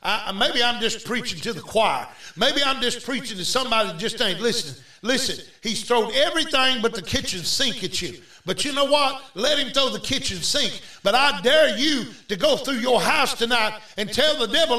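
A man preaching a fervent revival sermon, shouting and exhorting his listeners with repeated calls. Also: extremely high pitch, lively intonation, moderate pace, few pauses, recorded from a distance. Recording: echoey room, voice off-mic.

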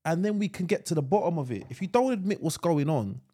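A man co-hosting a podcast, his voice set slightly high and swinging widely up and down. He rambles, restarts his sentences and drops slang as he goes. The talk stays casual and unscripted. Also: lively intonation, fast talker, mellow. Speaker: podcast co-host. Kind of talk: casual chat.

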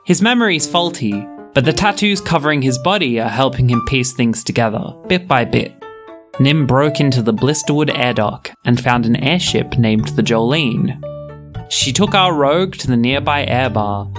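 A narrator reading a scripted recap of a previous session in a measured storytelling delivery. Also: mid-range voice, lively intonation. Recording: narration over guitar music.

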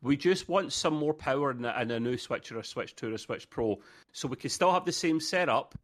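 A man's voice: mid-range voice, animated, brisk. A man co-hosting a casual gaming podcast, bantering and joking with stammered restarts. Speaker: podcast co-host.

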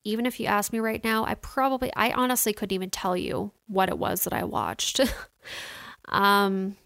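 Chatty young woman with a smooth voice. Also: medium pitch, moderate pace, a bit bright, dry recording, clean studio sound. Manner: chatty, candid, lots of "like" and "you know" fillers. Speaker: vlogger. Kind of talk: casual personal storytelling.

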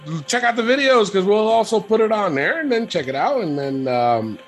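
A man co-hosting a casual podcast, reading out listener comments and chatting in an animated way. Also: high-pitched, a little fast, faint music behind. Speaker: podcast co-host.

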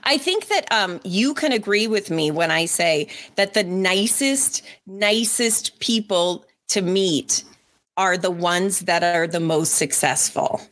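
A woman's voice: fairly low pitch, takes it slowly. Chatty woman telling stories animatedly. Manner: chatty and animated, acts out voices in her stories. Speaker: podcast co-host and former radio interviewer. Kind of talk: casual storytelling chat.

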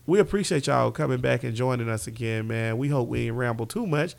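A man's voice: mid-range voice, brisk, creaky. A man co-hosting a sports podcast, teasing and joking in loose slang. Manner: teasing, playful, drawling slang. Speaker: podcast co-host. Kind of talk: casual sports podcast banter.

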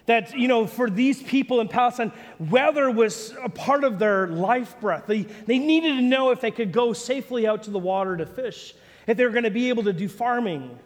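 Kiwi pastor guy preaching, high voice jumping all over, big echoey hall. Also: normal speed. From New Zealand. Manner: animated, self-mocking storyteller. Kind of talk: sermon with personal storytelling.

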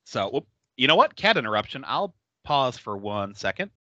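A man's voice: medium pitch, moderate pace, no room sound, dull audio. A man hosting a podcast in casual chat, recapping a horror film with frequent laughter and plenty of swearing. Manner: animated, laughing often, swears freely. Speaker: podcast host.

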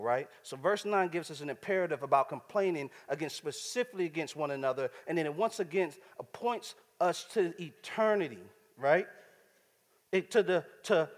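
A man's voice: on the high side, animated, moderate pace. A man preaching a sermon, using casual street slang and checking in with the congregation as he talks. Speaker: pastor. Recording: church hall reverb.

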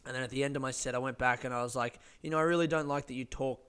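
A man's voice: mid-range voice, fairly even intonation, rapid-fire, fairly bright tone, clean tone. A man, a stand-up comedian swearing freely and rambling through stories in a casual podcast monologue.

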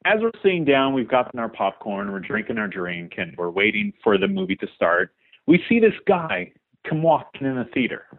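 A young man leaving a voicemail for a podcast, telling a story in an animated way. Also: medium pitch, moderate pace. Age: young adult. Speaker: caller. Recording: tinny phone line.

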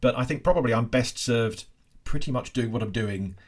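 A man in his forties hosting a podcast, reflective and rambling, with halting restarts. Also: mid-range voice. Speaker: podcast host. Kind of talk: casual chat.

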